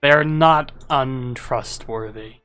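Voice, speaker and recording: A man's voice: mid-range voice, slow, bright, forceful tone, clean tone, faint music behind. A man playing a tabletop game, giving short, dry replies. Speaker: player. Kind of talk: casual tabletop role-play.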